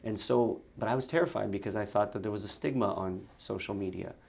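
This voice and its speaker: A man speaking in a fairly low register, recounting stories in a relaxed interview. His delivery is lively, with quick bursts and frequent restarts. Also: vocal fry. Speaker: actor and content creator, guest. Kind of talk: casual interview chat.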